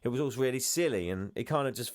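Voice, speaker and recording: This podcast co-host is a man with a mid-range voice, lively intonation, and a fast way of talking. His casual chat meanders, often trailing off or stammering into restarts.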